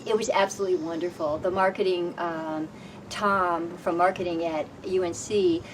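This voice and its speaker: Expressive woman storyteller, recorded from afar. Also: fairly low pitch, moderate pace. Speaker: housing program homeowner. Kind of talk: personal storytelling. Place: outdoors on a porch. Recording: distant mic with background noise.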